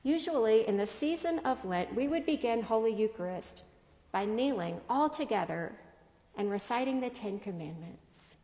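A woman pastor preaching a sermon in a measured style, asking rhetorical questions. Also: on the high side, darkish tone, long reverb tail. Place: church.

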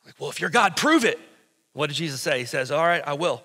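A man's voice: fairly high pitch, fast, sharp tone, breathy edge, in a large hall. A pastor preaching a sermon in a church, talking conversationally and asking his congregation questions, then building to emphatic bursts. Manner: rises to emphatic, urgent bursts. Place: church sanctuary before a congregation.

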